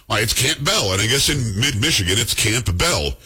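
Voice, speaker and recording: A man hosting a radio show, bantering casually with teasing, animated storytelling and acting out other people's lines. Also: mid-range voice, moderate pace, hardly any pauses, breathy edge.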